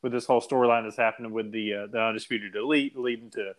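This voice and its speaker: A man co-hosting a casual wrestling talk show, animated and quick to laugh. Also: fairly low pitch. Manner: animated, laughs often, repeats words. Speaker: podcast co-host.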